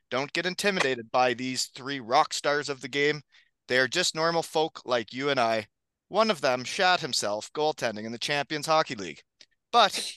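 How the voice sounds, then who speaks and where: A man's voice: on the high side, pushed and bright, clean tone, dry recording. A man hosting a casual hockey podcast, upbeat and joking, often laughing. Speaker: podcast host.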